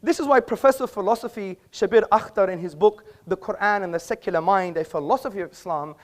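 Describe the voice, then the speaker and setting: A man's voice: sits high, fast talker. A man giving a formal debate speech in an auditorium, combative and pointed, quoting sources at length. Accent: British. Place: auditorium with an audience.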